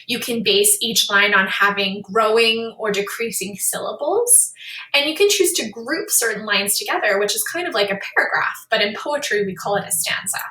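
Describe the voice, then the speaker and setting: A woman's voice: medium pitch, expressive, normal speed, sharp tone, recorded from a distance. A woman teaching a lesson on poetry, explaining terms in an upbeat, explanatory way and calling things really cool. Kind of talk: classroom lesson on poetry with read-aloud examples. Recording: echoey room, voice a bit off-mic.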